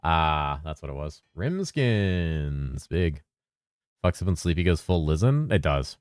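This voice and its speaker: A man with a very low voice chats casually on a game stream, rambling and cursing as he goes. He mumbles some words, and the sound is close and dry with no room echo. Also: moderate pace. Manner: loose and rambling, swears freely, mumbles at times. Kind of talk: casual live-stream chat.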